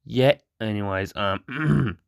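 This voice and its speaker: A man hosting his channel, reading a chatbot role-play aloud in a monotone, stumbling over words and breaking off to react bluntly. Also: lowish voice, takes it slowly, gravelly, clean tone, no echo, clean studio sound. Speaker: channel host reading an AI chat.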